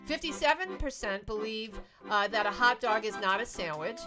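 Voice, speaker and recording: A woman's voice: a little high, expressive, normal speed, music in the background. A woman co-hosting a comedy talk show, bantering playfully and reading out news items. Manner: playful, teasing, reads news items aloud. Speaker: co-host.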